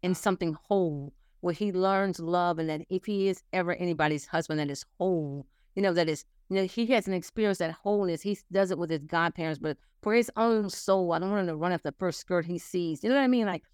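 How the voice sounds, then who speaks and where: A woman in her sixties talking in an earnest, animated way and laughing now and then as a guest in a casual chat. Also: fairly low pitch, quick pace, few pauses, smooth, no room sound, studio quality. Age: 60s. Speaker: interview guest.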